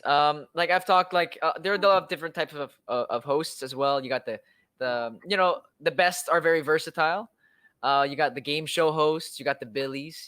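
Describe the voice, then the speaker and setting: A man's voice: mid-range voice, a bit bright, smooth, dry recording. A man in his twenties hosting a casual live chat, talking in a chatty, grateful way with lots of fillers. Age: 20s. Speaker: livestream host. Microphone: phone or webcam livestream.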